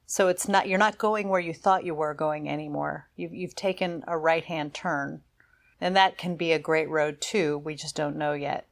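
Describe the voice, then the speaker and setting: Woman, podcast co-host, lower pitch, reflective, candid, casual conversation. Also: fairly even intonation, moderate pace, creaky. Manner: candid, reflective, laughs easily.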